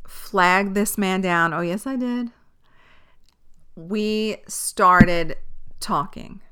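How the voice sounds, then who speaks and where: A woman's voice: lowish voice, smooth. A woman hosting a podcast, telling a personal story casually, with lots of swearing and laughter. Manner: animated, profane, laughs often. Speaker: podcast host.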